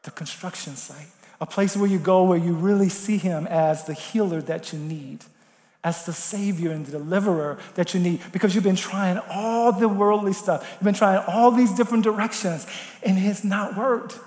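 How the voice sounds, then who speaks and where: A man preaches with strong feeling, his voice sitting very high for a man. He swings between loud appeals and soft, hushed prayer. The sound rings through a large, echoey church hall. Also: fairly even intonation, normal speed. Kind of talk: sermon.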